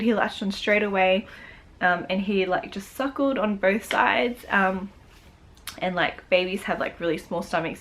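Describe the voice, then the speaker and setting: A young woman vlogger chatting casually and emotionally, rambling with lots of fillers. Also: medium pitch. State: tearful. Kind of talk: casual chat.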